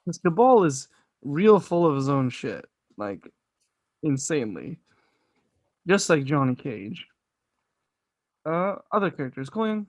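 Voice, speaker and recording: A man's voice: on the high side, no room sound. A man chatting casually as a podcast co-host, enthusiastic and rambling, swearing often. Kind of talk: casual movie review chat.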